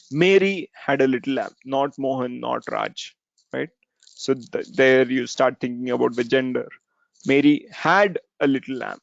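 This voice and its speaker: Man with gravelly voice, dry lo-fi sound. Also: mid-range voice, dry recording. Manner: conversational, frequent "right?" and "uh" fillers. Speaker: software testing speaker. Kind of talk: informal talk. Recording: dull, slightly lo-fi dry recording.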